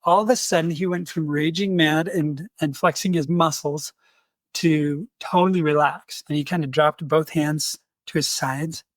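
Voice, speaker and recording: A man hosts a podcast and tells a personal story in an animated way, slipping into the voices of the people in it. His voice sits a little high for a man. The recording is close and dry, with no room sound. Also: normal speed, no room sound. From United States. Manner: animated, acts out quoted voices. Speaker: podcast host. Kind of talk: storytelling in conversation.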